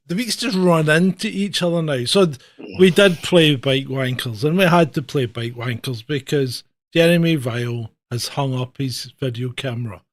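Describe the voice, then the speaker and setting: A man's voice: fairly high pitch, no room sound, studio quality. Blunt, mocking man hosting. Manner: blunt, mocking, swears freely. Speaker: livestream news host. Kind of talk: sarcastic casual chat.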